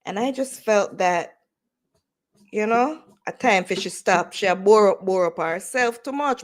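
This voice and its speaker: Slow-talking Jamaican woman chatting live. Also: fairly low pitch. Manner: chatty, mixes in patois, laughs often. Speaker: livestream host. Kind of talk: casual livestream chat.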